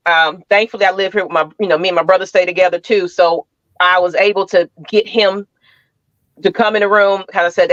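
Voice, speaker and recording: A woman co-hosting a podcast in a casual chat, telling a story in an animated way and acting out the quotes. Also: mid-range voice, no room sound. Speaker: podcast co-host. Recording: dull, dry lo-fi sound.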